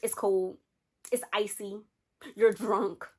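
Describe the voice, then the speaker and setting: A woman's voice: mid-range voice, slow. A young adult woman, telling a storytime tale casually and acting out the lines of friends and a boyfriend. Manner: animated, acts out friends' and a man's lines in quotes. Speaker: storytime vlogger.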